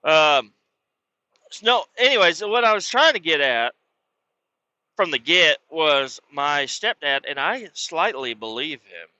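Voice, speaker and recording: A man with a very bright, sharp-edged voice tells a rambling, foul-mouthed story as a podcast host, slipping into the voices of the people he quotes. The sound is dry and close, with a slightly muffled, dull top end. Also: a little high, very animated, takes it slowly, dry recording. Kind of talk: casual storytelling monologue.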